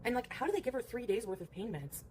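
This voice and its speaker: A woman's voice: fairly high pitch, sing-song, fast talker, mellow. Rambling woman streamer, faint room hum. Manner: rambling, many fillers, coos at her cat. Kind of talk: casual livestream chat.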